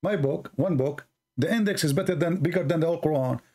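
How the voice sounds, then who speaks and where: A man runs a heated debate, repeating his questions and needling the other side with sarcasm. His voice sits a bit high and has a gravelly, fried edge. His English carries non-native grammar. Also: quick pace, dark tone. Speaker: debate host. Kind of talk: confrontational debate call.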